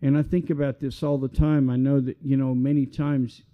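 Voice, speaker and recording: A middle-aged male pastor preaches in an earnest, conversational way that climbs into passionate appeals. His voice sits at an ordinary pitch for a man. The recording is slightly dull and lo-fi. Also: flat delivery, moderate pace. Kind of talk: sermon.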